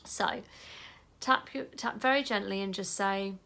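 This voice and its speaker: A woman guides an EFT tapping session in a casual, chatty manner, speaking the affirmations softly until they trail off into a whisper. Her mid-range voice is a little slow and creaky.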